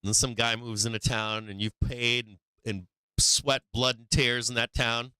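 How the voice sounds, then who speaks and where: A man's voice: medium pitch, level tone, moderate pace, bright, forceful tone, clean tone, dry recording. A man hosting a stock market live stream, ranting bluntly and profanely in a casual, preachy way with frequent laughs.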